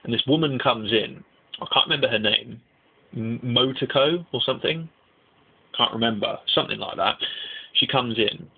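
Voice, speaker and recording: A young man giving a casual, rambling anime review, excitable and swearing freely. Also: mid-range voice, moderate pace, gravelly, slightly rough. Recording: tinny lo-fi mic.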